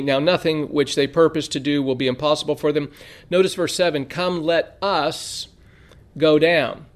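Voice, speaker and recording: A man teaching a theology lesson in a measured way, reading scripture aloud with frequent "uh" fillers. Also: a little high. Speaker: Bible teacher. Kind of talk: theology lecture.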